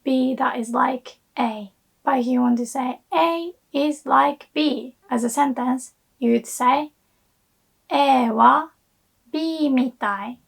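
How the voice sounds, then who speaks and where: Woman language teacher, hoarse, high voice, gravelly, careful repeated examples. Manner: slow, careful repetition of example phrases. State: hoarse from illness. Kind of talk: language lesson explanation.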